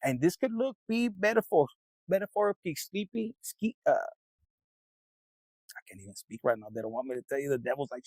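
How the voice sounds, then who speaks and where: A man's voice: sits high, sing-song, normal speed, long pauses, slightly rough, no room sound, low-quality recording. A man giving a casual tarot reading, rambling and streetwise, swearing freely as he talks to viewers. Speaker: tarot reader.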